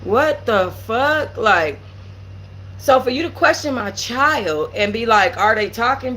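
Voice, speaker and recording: Woman host with a fairly high voice. Profane, candid storyteller who acts out the quoted dialogue. Storytime commentary recorded at home. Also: lively intonation, takes it slowly, fairly bright tone, slight background noise, rough recording. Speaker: channel host. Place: home setup with green screen.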